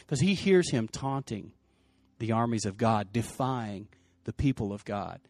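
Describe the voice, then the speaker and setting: A male pastor preaching a sermon, telling the story in lively, casual slang and acting out the people's lines. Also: fairly high pitch, normal speed, no echo, studio quality.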